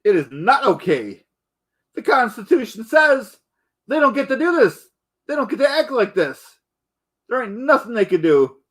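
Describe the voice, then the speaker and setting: A man's voice: very high-pitched, sing-song, moderate pace. A man in a rambling comedic rant, indignant and boastful, calling himself the Duke and stumbling over repeated words. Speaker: comedic ranter.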